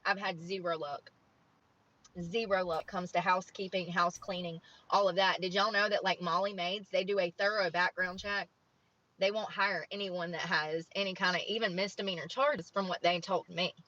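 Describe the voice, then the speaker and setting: Late-30s woman streamer, bright edge, talks plainly and rambles; muffled lo-fi sound. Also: fairly low pitch, steady tone, moderate pace. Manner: plain-spoken, rambling, frank about money. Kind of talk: casual chat to viewers. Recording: dull lo-fi stream audio.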